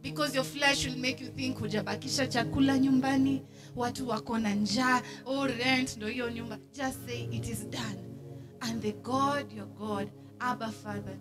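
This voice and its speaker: A Kenyan woman minister speaking earnestly and softly as she leads a closing prayer at a church service. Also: fairly high pitch, steady tone, moderate pace. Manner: soft, earnest spoken prayer. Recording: loud music behind the voice.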